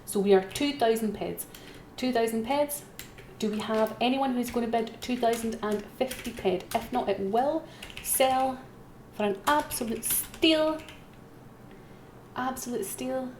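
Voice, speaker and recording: A woman's voice: on the high side, normal speed, hardly any pauses, darkish tone, a little hiss or hum. A chatty woman runs a live auction from her computer, calling again and again for bids. Her voice sits in a roomy, echoey space. Faint keyboard typing runs underneath. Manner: chatty, self-mocking, repeats calls for bids. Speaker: auction host. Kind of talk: live-streamed auction commentary.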